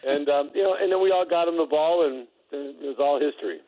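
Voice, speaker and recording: A man's voice: a little high, brisk, narrow, tinny audio. A middle-aged man, a former basketball player, telling laughing anecdotes in a casual interview, with lots of restarts.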